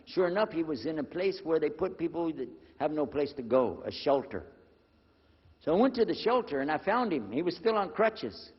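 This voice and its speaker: An older man telling a personal story to an audience, lively and acting out the dialogue in a husky voice. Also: a little high, moderate pace. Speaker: speaker telling his conversion story. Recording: dull lo-fi recording with long hall reverb.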